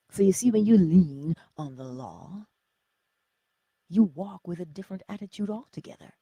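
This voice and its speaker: A woman's voice: on the low side, lively intonation, a little slow, long pauses, husky, dry recording, dull audio. A woman giving an inspirational morning teaching in a preacherly, conversational way, full of rhetorical questions. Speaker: spiritual teacher.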